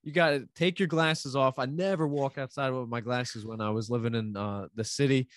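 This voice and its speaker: A man, chatting casually and telling animated gossip stories. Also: mid-range voice, moderate pace, no echo, studio quality. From New York, USA. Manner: animated storyteller, mimics other people's voices. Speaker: podcast guest telling stories. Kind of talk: casual chat.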